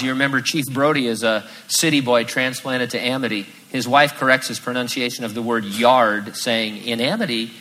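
A man preaching a sermon, lively and acting out the voices in his quotes. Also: medium pitch, slight background noise, poor audio. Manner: animated, acts out quoted voices. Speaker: pastor.

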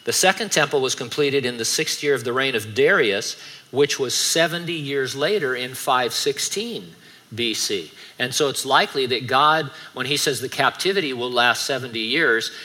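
A man's voice: medium pitch, expressive, moderate pace, pushed and bright. A middle-aged male pastor preaching a sermon in a conversational way, with joking asides between stretches of scripture teaching.

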